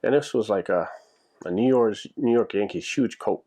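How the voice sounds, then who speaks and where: A man's voice: lowish voice, normal speed, warm tone. A man vlogging, telling stories in a rambling, casual way, full of "like" and restarts. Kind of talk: casual storytelling monologue. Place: lives in Japan.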